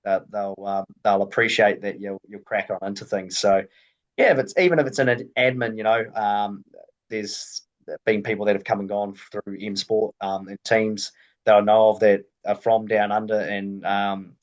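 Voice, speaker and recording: A man from Australasia, a rally team technician, chatting casually as a podcast guest, relaxed and rambling with many fillers. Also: fairly low pitch, normal speed, highs cut off. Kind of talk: casual interview chat.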